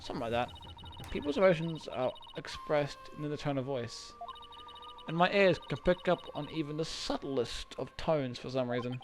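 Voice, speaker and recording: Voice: mid-range voice, normal speed, slight background noise, voice pushed down, close to an everyday voice. A streamer voicing an earnest young female lawyer, explaining things plainly while reading game dialogue aloud.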